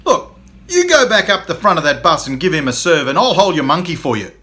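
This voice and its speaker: A man's voice: a little high, very animated, fairly quick, bright, forceful tone, pitched above the performer's own voice. A man voicing a cheeky male bus passenger who offers mock sympathy.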